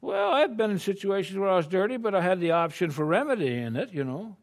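A man's voice: high-pitched, big pitch swings, fast talker. An older American man preaching a sermon in a folksy, conversational way, full of rhetorical questions. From United States.

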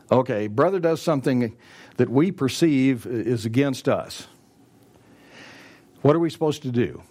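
A man's voice: medium pitch, animated, unhurried, darkish tone. A man preaching a sermon, driving his points home with repetition and acting out what people might say to each other. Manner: preaching with emphatic repetition, acting out quoted dialogue. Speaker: pastor.

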